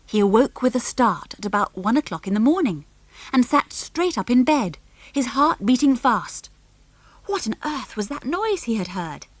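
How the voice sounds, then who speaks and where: A woman narrating an audiobook with clear, measured storytelling into a close studio microphone. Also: a little high, sing-song, no room sound. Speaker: audiobook reader. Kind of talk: scripted narration.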